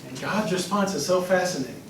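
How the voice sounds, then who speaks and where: A man, a pastor, teaching a Bible class in a conversational, animated way. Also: high-pitched, brisk. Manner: conversational, animated, acts out voices and laughs. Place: church classroom. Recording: echoey room, voice from a distance, faint noise.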